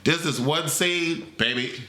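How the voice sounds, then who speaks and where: A man giving a comedic movie review in a dramatic, sassy, animated way. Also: a little high, slow, noisy background. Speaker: movie critic. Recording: roomy echo.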